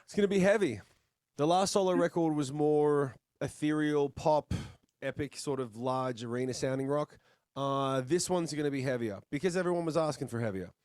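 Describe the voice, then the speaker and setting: A man's voice: fairly high pitch, moderate pace, a little mellow, no echo, clean studio sound. A man with an Australian accent, chatting casually and bluntly as a musician guest over a video call. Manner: laid-back, blunt, chatty, swears casually.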